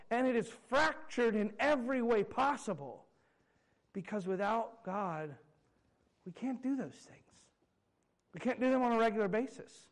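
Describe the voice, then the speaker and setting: A man's voice: very high voice, low-quality recording. A man in his thirties, a pastor preaching a sermon, telling stories with self-mocking humor and chuckles. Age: 30s.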